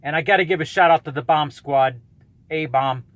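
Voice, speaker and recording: A man in his thirties with a fairly high voice, ranting bluntly on his vlog. He sounds combative and swears freely. The recording is dry and close, with no room sound. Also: moderate pace, a bit bright, dry recording. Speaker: YouTuber calling out a rival.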